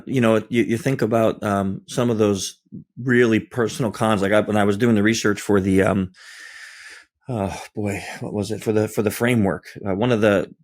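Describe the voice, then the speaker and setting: A man hosting a podcast who tells a story with growing enthusiasm. He often restarts his phrases, and his delivery is casual and conversational. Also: on the low side. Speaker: podcast host. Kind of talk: podcast discussion.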